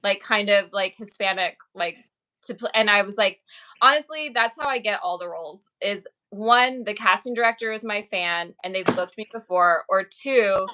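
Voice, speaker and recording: A woman's voice: medium pitch, normal speed, pushed and bright, rough recording. A woman actress and author chatting in an interview, telling stories in an upbeat way with many fillers. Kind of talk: casual interview chat.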